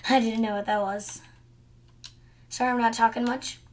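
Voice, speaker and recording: A woman's voice: on the high side, fairly even intonation, measured pace. A young woman narrating a cooking game as she plays, muttering her actions to herself and chatting to viewers now and then. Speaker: gamer. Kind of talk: gameplay commentary.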